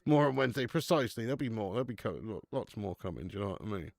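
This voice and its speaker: A man's voice: on the low side, expressive, very fast, gravelly, a little mellow, dry recording. A man hosting a live football watch-along stream, chatting casually with viewers, laughing often and swearing freely.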